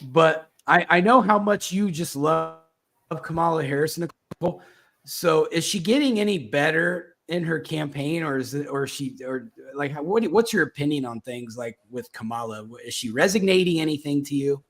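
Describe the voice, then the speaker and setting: A man with a slightly higher voice hosts a loose political talk show. He rambles and restarts his sentences often, leaning on fillers as he goes. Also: lively intonation, normal speed, vocal fry, fairly bright tone. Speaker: podcast host. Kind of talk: casual political chat.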